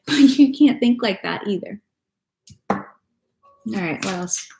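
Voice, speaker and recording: Gravelly and expressive, this woman's mid-range voice moves slowly with frequent pauses over a noisy background. She gives her viewers a casual tarot reading, blunt and profane, in an echoey room with faint music.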